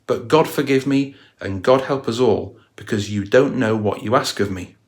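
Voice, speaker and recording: Man reading a stubborn, pleading man sprawled on the pavement, mid-pitched. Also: moderate pace, darkish tone, natural voice. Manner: pleading, withholding. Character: troubled man lying on a pavement, refusing to explain.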